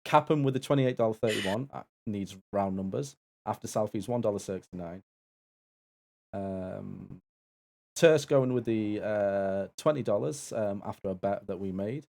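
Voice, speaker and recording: Gravelly low-voiced man co-hosting a stream. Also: measured pace, a little mellow. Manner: stammers and restarts, easygoing. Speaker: co-host and assistant of a stream event. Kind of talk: casual live stream banter.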